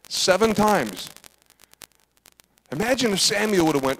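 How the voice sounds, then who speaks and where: Man, pastor, sermon, husky, animated, loud-to-hushed swings. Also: high voice, moderate pace, pauses often, poor audio. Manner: animated preacher, acting out biblical dialogue with big swings from loud to hushed.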